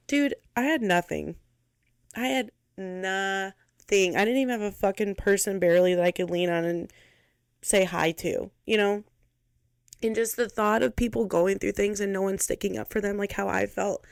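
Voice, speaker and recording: A woman's voice: medium pitch, vocal fry, darkish tone, no echo, studio quality. A young woman hosting her own podcast, talking candidly in a blunt, fiery, heavily profane way. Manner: fiery, emphatic. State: close to tears. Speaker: podcast host. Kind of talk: candid monologue.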